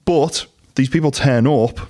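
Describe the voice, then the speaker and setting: A man's voice: mid-range voice, measured pace, mellow. A man hosting a business interview, chatting casually and acting out other people's lines. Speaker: podcast host.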